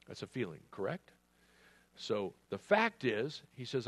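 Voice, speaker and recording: A man's voice: medium pitch, very animated, unhurried, dry recording. A man preaching a sermon, earnest and emphatic, acting out prayers and quotations.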